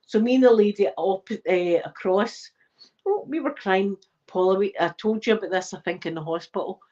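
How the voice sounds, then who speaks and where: This muffled recording captures a medium-pitched woman speaking at a normal pace. She's a Scottish ASMR livestream host in her forties who chats away casually, telling lively, meandering stories with occasional swearing.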